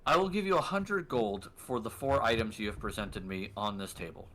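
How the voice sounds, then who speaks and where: A man's voice: on the low side, moderate pace, a bit bright. A man voicing a courteous female elf shopkeeper in a tabletop game. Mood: businesslike.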